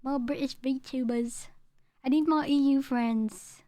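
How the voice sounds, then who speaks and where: Chatty high-voiced woman streamer. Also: fairly even intonation, slow pace, mellow, no echo, studio quality. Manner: chatty, rambling, repeats herself; tones down her home accent. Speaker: VTuber streamer. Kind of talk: casual live-stream chat, reading chat aloud.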